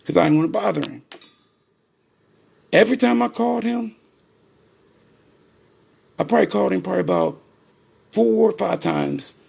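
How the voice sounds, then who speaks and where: A middle-aged man from Ohio speaks in a gravelly, husky voice that sits a touch high for a man. He talks straight to his viewers in a casual, emphatic monologue, circling back and repeating his points as he tells his story. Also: darkish tone. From Ohio, USA. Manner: emphatic and repetitive, addresses viewers as "people". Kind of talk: casual direct-to-camera monologue.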